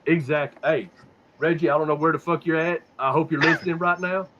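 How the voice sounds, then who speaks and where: A podcast host with a fairly high, bright voice talks at a fairly quick clip in a steady tone, slightly raised, swearing freely and rambling through casual conspiracy talk. When he gets stuck he repeats words and loops back over what he said. The recording sounds dull and lo-fi.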